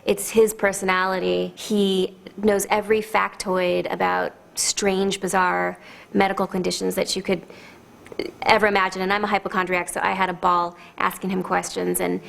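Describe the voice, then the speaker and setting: An actress talks with enthusiasm in a behind-the-scenes interview. Her voice is gravelly with fry, and her pitch stays fairly flat. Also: moderate pace.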